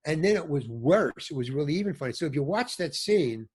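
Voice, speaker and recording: A man, an older actor, telling animated stories as a podcast guest and acting out what others said. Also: on the high side, brisk, breathy edge. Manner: animated storyteller, acts out quoted voices. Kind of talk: storytelling in a podcast interview.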